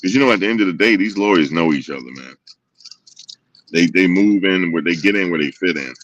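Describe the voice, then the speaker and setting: Deep-voiced man talking casually. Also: a little fast, far from the mic, dull audio. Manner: animated, repetitive storytelling with quoted voices. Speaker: show host. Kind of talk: casual commentary to viewers.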